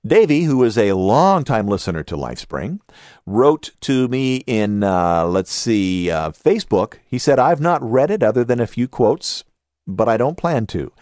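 A man's voice: mid-range voice, big pitch swings, measured pace, darkish tone, no echo, studio quality. A man with a Southern California accent hosting a podcast, reviewing a book casually and reading listener comments aloud with his own asides. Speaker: podcast host.

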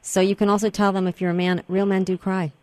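Brisk woman radio co-host. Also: medium pitch, little pitch movement, darkish tone, no echo. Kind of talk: radio talk show chat.

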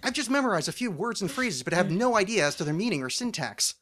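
A man's voice: sits high, sing-song, quick pace, very noisy. A man co-hosting a podcast in casual chat, rambling and joking with lots of filler words. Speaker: podcast co-host.

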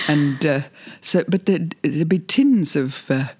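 A man's voice: on the high side, darkish tone. An older man being interviewed, reminiscing in a rambling, hesitant way with frequent laughs. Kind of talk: reminiscing conversation.

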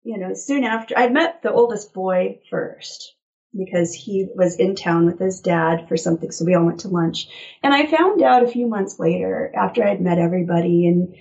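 A woman telling personal stories as an interview guest, animated and quick to laugh. Her voice sits at an ordinary middle pitch. The audio is slightly muffled and lo-fi. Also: creaky. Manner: animated storyteller, laughs often. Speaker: guest author. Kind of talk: casual interview chat.

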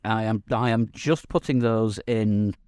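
A man hosting a casual podcast chat, talking in a halting way with many ums and restarts. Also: on the low side, darkish tone, clear, resonant tone, no echo, clean studio sound. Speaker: podcast host.

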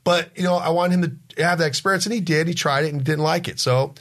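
A man's voice: a little high, fairly even intonation, fairly bright tone. A man in his forties telling family stories in a casual chat. He rambles, restarts his sentences, and acts out what his family members said. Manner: rambling, halting storyteller who restarts sentences.

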